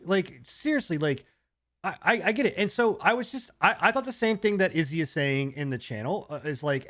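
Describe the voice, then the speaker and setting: A man co-hosting a gaming podcast, ranting in a rambling, animated way with swearing. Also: sits high, a little fast. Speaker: podcast co-host. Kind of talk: casual gaming podcast chat.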